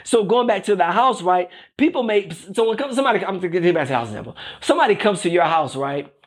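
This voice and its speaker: A man with a high-pitched voice delivers a conversational sermon. He talks informally, circling back to phrases and tagging lines with "right?". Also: lively intonation, quick pace, slightly rough. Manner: repeats phrases and keeps asking "right?". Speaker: preacher.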